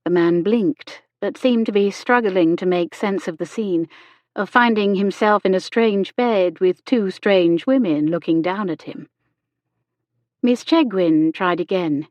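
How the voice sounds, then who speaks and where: A woman reading an audiobook as narrator, gentle and measured in her reading. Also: medium pitch, no room sound. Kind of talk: scripted narration. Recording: dull lo-fi dry audio.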